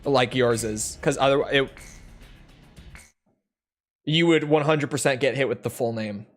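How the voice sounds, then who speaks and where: This streamer, playing a flight game, keeps up a casual, profanity-laced ramble for his viewers while game music and jet engine noise play in the background. His voice is medium in pitch and a little slow.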